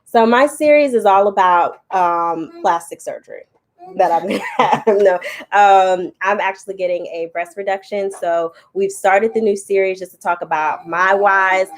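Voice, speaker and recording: Young woman vlogging with her family, playful storyteller, ordinary middle pitch. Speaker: vlog co-host. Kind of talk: casual family chat.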